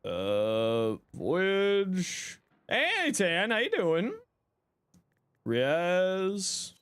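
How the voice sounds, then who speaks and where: A man's voice: high voice, wildly swooping pitch, extremely slow, fairly bright tone, clear, resonant tone, dry recording. Chatty young male game streamer. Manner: chatty, reads chat aloud, jokey. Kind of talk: casual live game commentary.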